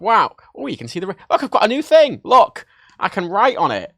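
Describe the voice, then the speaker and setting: A man hosts a livestream from his home desk, fairly high-pitched and very animated as he jokes and rambles. His excitable show-and-tell chatter swings up and down constantly. The sound is close and dry, with no room echo. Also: brisk, vocal fry. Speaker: livestream host. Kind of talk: casual livestream chat.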